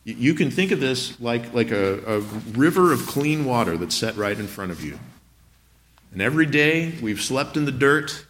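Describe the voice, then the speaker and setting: A man preaching a sermon in an easygoing, conversational way. He speaks earnestly at a middle pitch and often asks the congregation questions. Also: sing-song, normal speed, fairly bright tone. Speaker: pastor.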